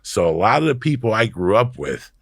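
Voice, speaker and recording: A middle-aged man tells profane, animated stories as a podcast guest, acting out the voices of the people in them. His voice sits very low, with a gravelly, husky rasp. The sound is close and dry. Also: fairly quick, no echo. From New Jersey, USA. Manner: profane, animated storyteller who acts out quoted voices. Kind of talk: storytelling in casual chat.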